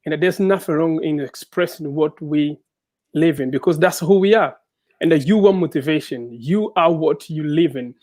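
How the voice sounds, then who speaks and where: A man's voice: on the high side, moderate pace, a little mellow. A man hosting a live online interview, reflective and affirming toward his guest. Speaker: host.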